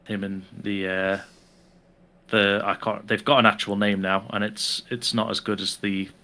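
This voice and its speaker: Bright-voiced podcast co-host. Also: male voice, fairly low pitch, normal speed. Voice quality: relaxed, chatty, runs a quiz game. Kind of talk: casual unscripted chat.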